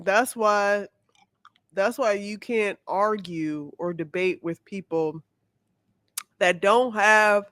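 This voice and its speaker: A man co-hosts a casual podcast and picks his words slowly and hesitantly. His voice is high and smooth, and it is recorded close and dry. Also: fairly bright tone, no room sound. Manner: measured, hesitant delivery with restarts. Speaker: podcast co-host.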